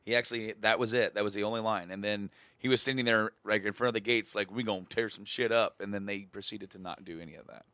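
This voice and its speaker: A man's voice: lowish voice, fairly even intonation, quick pace, few pauses, pushed and bright, smooth, no room sound. A man in casual chat, joking and emphatic.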